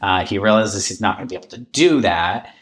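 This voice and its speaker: A man co-hosting a casual recap podcast, recapping with quick reactions and easy laughs. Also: fairly low pitch, lively intonation. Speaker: podcast co-host. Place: recorded in person in a room.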